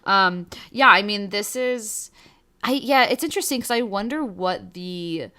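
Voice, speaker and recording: A woman's voice: mid-range voice, expressive, measured pace, pushed and bright. A young woman co-hosting a podcast, recapping a TV episode in casual chat, giggly and rambling with lots of fillers. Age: young adult. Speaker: podcast co-host.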